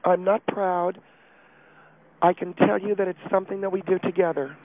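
A man voicing a distraught, prim middle-aged wife calling in to a radio show, confessing in a halting, breathless, self-pitying way. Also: sits high, level tone, voice pushed up. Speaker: caller. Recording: tinny phone line.

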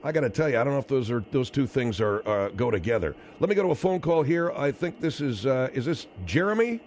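A man hosting a call-in radio talk show, brisk and interjecting as he steers the calls. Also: medium pitch, animated, darkish tone, a little hiss or hum.

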